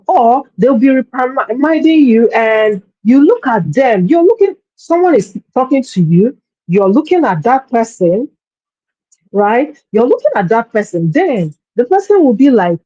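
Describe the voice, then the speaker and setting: A woman's voice: high voice, lively intonation, moderate pace, warm tone, no room sound, highs cut off. A woman coaching parents in a workshop talk, speaking earnestly and often repeating words as she searches for her phrasing.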